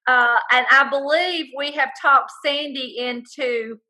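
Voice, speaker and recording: Woman host on a video call, higher-pitched and bright, effusive and earnest. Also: steady tone, unhurried, low-quality recording. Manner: effusive, earnest, stretches key words. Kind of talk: hosting a video call interview.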